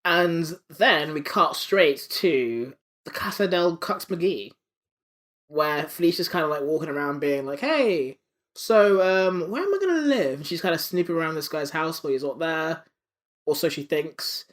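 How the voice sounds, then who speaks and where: A podcast co-host chatting casually, recapping cartoon scenes with loose, rambling energy. The voice sits at a middle pitch, acting out characters' lines as the recap goes on. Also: fairly even intonation, moderate pace, a bit bright. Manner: rambling recaps with acted-out quotes, swearing. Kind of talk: casual chat.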